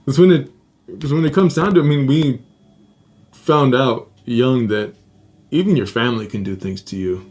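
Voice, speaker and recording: A young adult man tells a personal story on his podcast in a loose, profane way. He laughs often and jumps his voice way up when acting out other people's lines. His speaking pitch sits in an ordinary middle range. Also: moderate pace. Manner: profane, animated, laughs often, acts out quotes in high voices. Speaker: podcast host. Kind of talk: casual storytelling.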